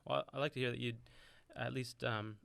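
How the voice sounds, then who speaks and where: Male podcast host, mid pitch, gravelly, asks long questions. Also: steady tone, moderate pace, fairly bright tone. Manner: curious, long rambling questions. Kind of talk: casual podcast interview.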